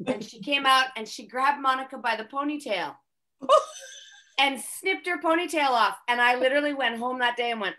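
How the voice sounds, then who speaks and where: A woman's voice: sits high, big pitch swings, normal speed. A woman who coaches figure skating, telling stories from her training days over a video call. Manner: warm reminiscing, quotes others in voices. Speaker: former student and skating coach. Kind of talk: casual storytelling.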